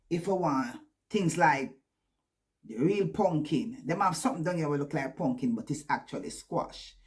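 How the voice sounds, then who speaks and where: A Jamaican woman telling stories casually to camera, animated and laughing often, mixing in patois. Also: lowish voice. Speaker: vlogger. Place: living in the West Country of England.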